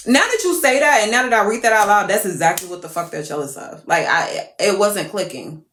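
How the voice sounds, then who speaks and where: A woman's voice: medium pitch, quick pace, roomy sound. A young woman, telling a profane, exasperated storytime rant to her followers. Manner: profane, animated, exasperated, laughing. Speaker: TikTok creator.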